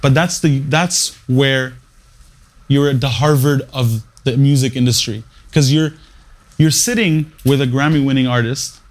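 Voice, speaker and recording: A man's voice: medium pitch, measured pace. A man who works as a radio morning show producer, speaking in an interview, telling his story and giving career advice in short, emphatic phrases with frequent restarts.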